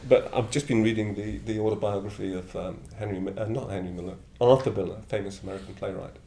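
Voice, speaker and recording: This seventy-something Buddhist order member from Middlesbrough, northern England, spins blunt, meandering, reflective anecdotes with a chuckle. His voice sits on the low side, steady and mellow, moving at a quick pace. There is a little hiss or hum, and the room is echoey with faint ambience.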